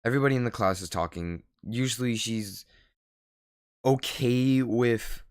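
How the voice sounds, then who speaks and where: A man's voice: mid-range voice, measured pace, no room sound. A teenage boy vlogging, telling a rambling story full of fillers and laughing at himself. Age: teens. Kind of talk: casual storytelling.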